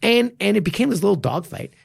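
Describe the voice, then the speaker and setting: A male martial arts coach chats on a podcast, emphatic and profane as he breaks down a fight. His voice is deeply gravelly and husky. The sound is dry and close, with no room echo. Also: expressive, quick pace. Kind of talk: casual podcast chat.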